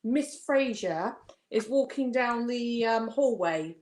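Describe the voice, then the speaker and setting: A woman's voice: on the high side, lively intonation, slow, darkish tone, roomy sound. A woman from England chatting on a podcast, rambling and interrupting herself as she tells things. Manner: rambling, self-interrupting storyteller. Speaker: podcast co-host. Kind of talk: casual chat.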